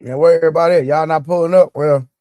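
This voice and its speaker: Rapid-fire and steady, this man's fairly high, dark voice comes through in studio quality with no room sound. He runs a casual live stream, joking around, greeting viewers by name and speaking right to his chat. He's eating during the stream and has a sore leg.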